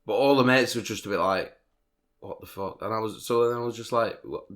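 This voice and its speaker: A man's voice: fairly low pitch, brisk, fairly bright tone. A man, hosting a podcast, telling a long rambling story in casual chat with lots of swearing. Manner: rambling storytelling, heavy swearing, frequent laughs. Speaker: podcast host.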